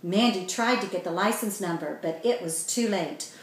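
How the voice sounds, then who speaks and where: A woman author reading her children's story aloud in a steady, clear way. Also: mid-range voice, normal speed. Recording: very echoey room.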